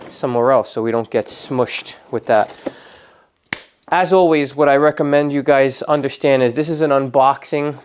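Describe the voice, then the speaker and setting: A man's voice: mid-range voice, darkish tone. A man hosting a casual unboxing vlog indoors, rambling and joking about himself as he opens a detailing subscription box. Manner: rambling, joking, self-deprecating. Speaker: detailing channel host.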